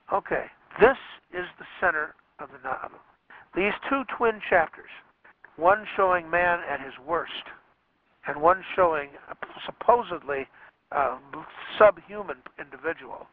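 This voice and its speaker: A man's voice: fairly high pitch, expressive, a little slow, no echo. A man giving a radio lecture on literature, explaining thoughtfully and with emphasis. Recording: dry, tinny phone-like radio sound.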